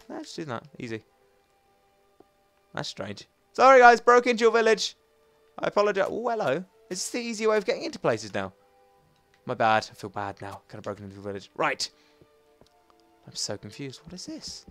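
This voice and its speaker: A young man giving chatty, excitable let's-play commentary as a gaming channel host. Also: fairly high pitch. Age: young adult. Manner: excitable, chatty, sudden loud squeals. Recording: faint game music behind.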